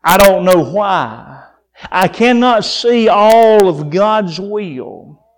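A man with a high-pitched voice preaches at a slow, deliberate pace. He drops into soft, low stretches, then climbs to raised, pleading peaks and hammers phrases through repetition. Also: lively intonation. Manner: repeats phrases for emphasis. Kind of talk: sermon.

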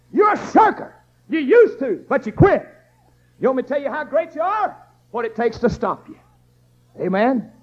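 A man preaching an emphatic sermon in a repetitive, rousing cadence. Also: very high-pitched. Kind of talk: fiery Baptist sermon. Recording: dull lo-fi church recording.

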